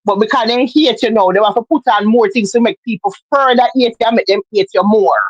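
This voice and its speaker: A woman's voice: fairly high pitch, fast, breathy edge, dry recording, highs cut off. A woman with a Jamaican accent chatting casually on a livestream, emphatic and repetitive, as if lecturing.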